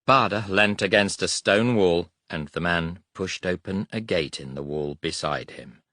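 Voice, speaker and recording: A man reading an audiobook aloud in a measured, dramatic storytelling manner, recorded in a studio. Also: sits low, pushed and bright, no echo. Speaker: audiobook narrator. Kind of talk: scripted audiobook narration.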